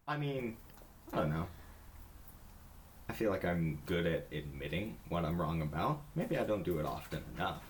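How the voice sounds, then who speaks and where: A man's voice: deep voice, sing-song, moderate pace, long pauses. A man in a casual podcast chat, speaking hesitantly and thinking aloud.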